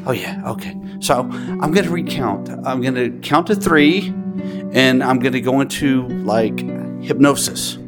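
A man's voice: medium pitch, unhurried. Rambling crude comic storyteller man. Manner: rambling, crude, self-interrupting. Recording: loud music underneath.

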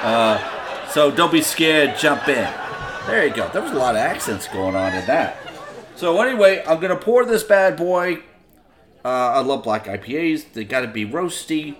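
A podcast host tastes and rates a beer in a loose, chatty way, swearing and leaning on lots of filler. His voice is mid-range and fairly bright.

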